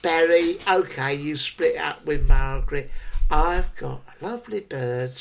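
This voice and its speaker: A man putting on a lonely, doddery old man, rambling with halting restarts. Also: a little high, gravelly, fairly bright tone. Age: older. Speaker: comedy podcast character. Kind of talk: improvised comic character monologue.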